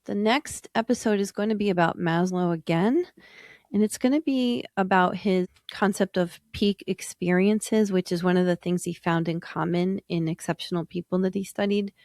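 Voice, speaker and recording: A woman hosting a podcast, telling a personal story in a gentle, earnest way. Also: fairly low pitch, moderate pace, dry recording, clean studio sound. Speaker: podcast host, psychologist.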